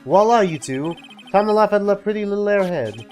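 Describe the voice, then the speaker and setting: A man's voice: sits high, expressive, brisk, darkish tone, faint music behind, voice pushed up. Man putting on a flamboyant French-accented dandy. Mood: self-pitying. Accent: put-on French. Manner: theatrical, sing-song, sprinkles French words.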